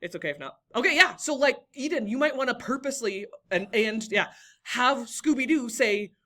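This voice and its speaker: A woman's voice: a little high, lively intonation, moderate pace, bright, forceful tone. A young woman teaching a classroom lesson, encouraging and talking to students by name.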